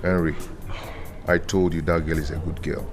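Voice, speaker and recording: A man's voice: a bass voice, level tone, moderate pace, music in the background. A man plays a boastful friend talking outdoors. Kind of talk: film drama acting.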